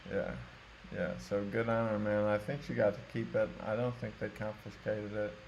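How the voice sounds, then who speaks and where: A man's voice: on the low side, flat delivery, normal speed, gravelly, a little mellow, highs cut off, a little hiss or hum. A man hosting a podcast, laid-back and profane, often saying dude and man. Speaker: podcast host. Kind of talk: casual podcast chat.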